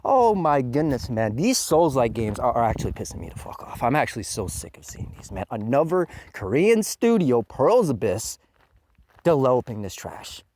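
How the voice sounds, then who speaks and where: A man in mid-range pitch tears into a game in a rant full of cursing and mock outrage. His voice swings wildly up and down, breaking into yells and then sinking to low mutters. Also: very animated, a little fast, no room sound. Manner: profane, exaggerated outrage with bursts of yelling; lurches between loud outbursts and low mutters. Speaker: game reviewer. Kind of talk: ranting game review.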